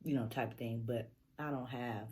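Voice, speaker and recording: A woman with a strikingly low, deep voice, talking straight to her camera in a relaxed storytime. She rambles and curses freely, drifting through fillers as she goes. She is a young adult from Northern California. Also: normal speed. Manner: laid-back, profane, rambling with fillers. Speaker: vlogger. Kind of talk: casual storytime.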